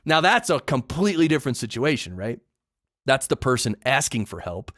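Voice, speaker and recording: A man's voice: mid-range voice, big pitch swings, normal speed, a bit bright, dry recording, studio quality. A man hosting a solo podcast, giving a casual, opinionated rant full of emphatic repeats and blunt judgments. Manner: opinionated, emphatic ranting with repetitions. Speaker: podcast host.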